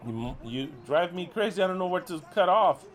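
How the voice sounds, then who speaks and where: With lively intonation at normal speed, the middle-aged ministry leader chides his followers, swearing and sounding exasperated. His delivery swings between loud outbursts and low muttering.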